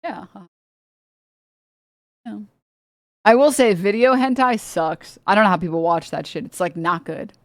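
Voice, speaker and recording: A woman's voice: mid-range voice, a little slow, long pauses, no room sound, clean studio sound. A woman streamer ranting casually, rambling with lots of "like", swearing and laughing often. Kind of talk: casual livestream rant. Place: home streaming setup.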